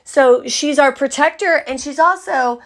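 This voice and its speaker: Older woman, raspy cold voice, slightly high, meandering spiritual chat. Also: a bit bright. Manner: chatty, meandering, drawn-out phrasing. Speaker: spiritual teacher. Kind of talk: casual spiritual talk.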